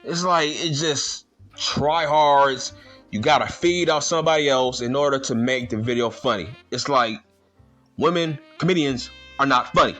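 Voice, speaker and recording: A man's voice: medium pitch, moderate pace, a bit bright, faint music behind. A man ranting in a vlog, indignant and slangy, firing the same rhetorical questions again and again. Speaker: vlogger.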